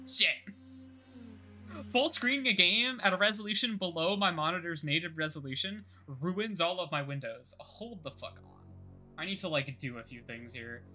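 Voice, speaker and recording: A young man live-streaming a game, chatting loosely to himself with a very bright, sharp tone and a slightly higher voice. He rambles and curses freely when the settings frustrate him, while faint music plays behind. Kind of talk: casual live gameplay commentary.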